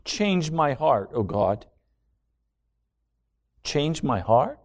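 A man's voice: on the high side, very animated, very slow. A man preaching a sermon, quoting hymn lines and asking pointed rhetorical questions.

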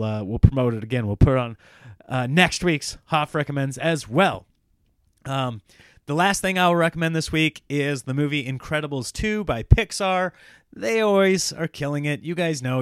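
A man's voice: mid-range voice, clean tone, no room sound, studio quality. Rambling self-mocking male podcast host. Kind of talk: casual solo podcast chat.

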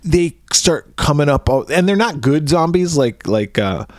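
A man's voice: on the high side, expressive, unhurried, dry recording, studio quality. A man co-hosting a podcast, chatting casually about a movie, crude and jokey, often acting out scenes in silly voices. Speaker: podcast co-host.

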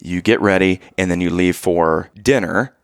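A man in his thirties, co-hosting a casual chat and retelling a family vacation story with animated, exaggerated quotes. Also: sits low, normal speed, no echo, clean studio sound. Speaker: podcast co-host telling a family story.

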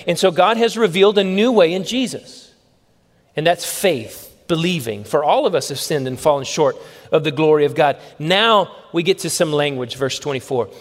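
High-voiced preacher in a reverberant hall. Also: male voice. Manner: emphatic, repeats phrases and asks the audience questions. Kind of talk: sermon. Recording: long reverb of a large hall.

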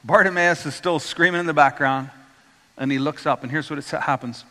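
A man preaches a storytelling sermon, his bright voice sitting a little high. He acts out the voices in the stories and asks the congregation to repeat words after him. The sound carries a long hall reverb. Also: fairly quick. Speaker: pastor.

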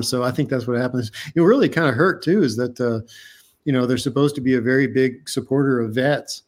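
A man's voice: medium pitch, brisk. A man, an underwater diver and cameraman, recounting a story as a guest in a casual interview, earnest and full of restarts and fillers.

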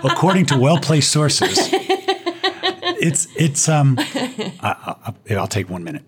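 A man's voice: fairly high pitch, wildly swooping pitch, takes it slowly. A man, a guest on an interview show, telling a personal story with self-deprecating humor and punchlines.

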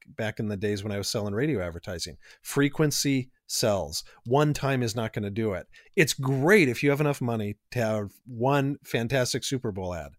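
A man co-hosting a casual podcast, explaining ideas in an energetic, teacherly way and building long lists of examples. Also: medium pitch, no echo, studio quality. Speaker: podcast co-host.

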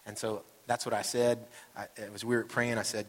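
A man's voice: lowish voice, flat delivery, normal speed. Man preaching casually in an echoing hall. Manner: casual and storytelling, acting out quoted voices. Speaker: pastor. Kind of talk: conversational sermon. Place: church sanctuary. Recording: reverberant hall sound.

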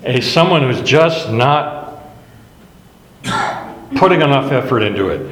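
A man's voice: medium pitch, lively intonation, measured pace, fairly bright tone. A man teaching a Bible lesson in a conversational, storytelling way, often laughing at his own anecdotes. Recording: echoey hall with faint background noise.

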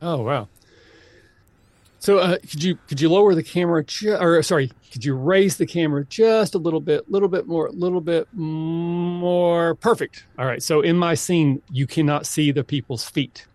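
A man hosting a podcast, chatting casually through improv games with animated, high exclamations. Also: moderate pace, no room sound. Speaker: podcast host. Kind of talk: casual improv game chat.

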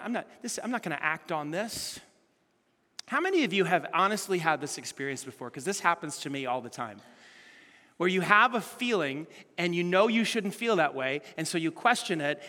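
A man preaching a sermon as pastor, animated and full of rhetorical questions to the congregation. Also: high-pitched, in a large hall.

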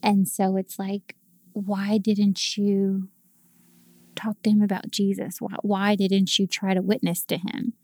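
Earnest woman with a gravelly edge. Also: medium pitch, flat delivery, slow, darkish tone, no room sound. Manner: earnest, emotional storytelling. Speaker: podcast guest. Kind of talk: faith testimony in casual chat.

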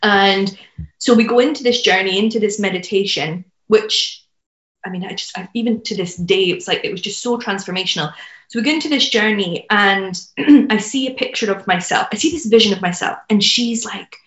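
A woman's voice: medium pitch, brisk, fairly bright tone, dull audio. Earnest woman telling a story, roomy sound. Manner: earnest, heartfelt, many fillers. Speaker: podcast guest, business mentor. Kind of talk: personal storytelling in conversation.

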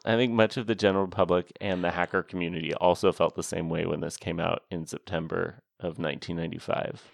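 A man with a very low voice and a dry, teasing wit chats casually as a podcast co-host. His tone has a gravelly edge, and the recording is close and dry with no room sound. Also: flat delivery, fast talker, no room sound. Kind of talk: casual chat about a film.

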